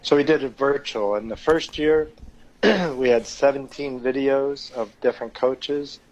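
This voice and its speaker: A man's voice: medium pitch, unhurried, muffled recording. A man who works for a nonprofit, a guest on a radio talk show, speaking in a friendly way with many fillers. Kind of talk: casual radio interview.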